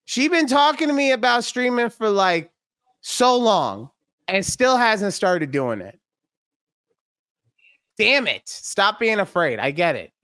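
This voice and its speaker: A woman's voice: mid-range voice, big pitch swings, slow, long pauses, a bit bright, no echo, studio quality. A young adult woman hosting a podcast, frank and teasing, swearing freely as she talks. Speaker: podcast host. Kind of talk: casual podcast chat.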